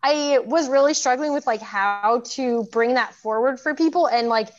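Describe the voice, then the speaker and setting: A woman's voice: high voice, moderate pace, muffled recording. A woman in her thirties, a program graduate, telling her story casually with many fillers and frequent laughs. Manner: chatty, lots of fillers, laughs often.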